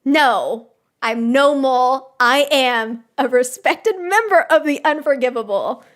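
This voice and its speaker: A woman's voice: high-pitched, takes it slowly, fairly bright tone. A woman doing a smug wizard official. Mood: dismissive. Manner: casually dismissive. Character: smug male wizard official denying being a mole.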